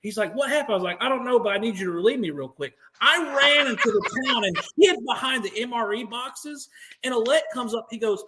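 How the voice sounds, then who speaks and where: Brief: male podcast host in his forties, high voice, animated and profane storyteller. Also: fairly quick, heavy background noise. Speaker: Marine veteran. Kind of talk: casual war-story chat.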